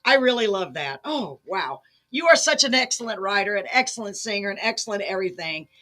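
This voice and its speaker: A woman hosting a music show, gushing with effusive praise and losing her voice, clearing her throat now and then. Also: medium pitch, lively intonation, fairly quick, bright, forceful tone. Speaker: show host. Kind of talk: casual interview chat.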